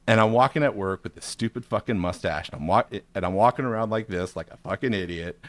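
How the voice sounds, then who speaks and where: A man's voice: on the low side, fast talker, no room sound. A man in his forties telling a rambling, profane, self-mocking story on a podcast. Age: 40s. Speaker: podcast co-host. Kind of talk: casual storytelling.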